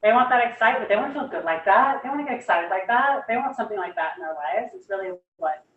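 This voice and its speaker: An enthusiastic young woman speaks to a small room, chatty and full of fillers. Her voice sits at a middle pitch. It sounds roomy and picked up from some distance. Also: lively intonation, quick pace, phone-quality sound. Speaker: guest speaker. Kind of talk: casual motivational talk. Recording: echoey room, far from the mic.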